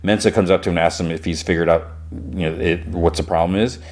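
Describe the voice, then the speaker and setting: A man's voice: low voice, steady tone, quick pace. A man hosting a podcast, casually recapping a show in a rambling, filler-heavy way. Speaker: podcast host.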